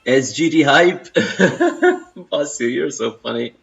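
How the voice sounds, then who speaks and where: A man's voice: on the high side, expressive, slow, gravelly, a bit bright. A young man with an Indian accent, streaming a game and chatting loosely with his viewers, full of fillers and restarts. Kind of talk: casual live-stream chat. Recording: roomy, slightly dull home stream audio.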